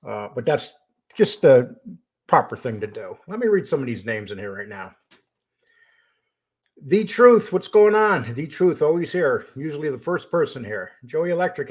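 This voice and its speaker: A man's voice: fairly high pitch, darkish tone. An older man hosting his own live stream, greeting viewers by name and speaking bluntly and argumentatively. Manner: greets viewers by name, then turns confrontational. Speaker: host of a live stream show. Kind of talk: casual live-stream talk.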